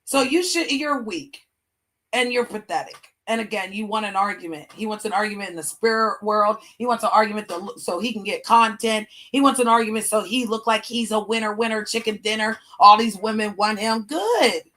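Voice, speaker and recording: A woman's voice: medium pitch, a little fast, fairly bright tone. Angry woman ranting on her livestream, swearing a lot, heated chat. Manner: angry, profane venting rant. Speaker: livestream host.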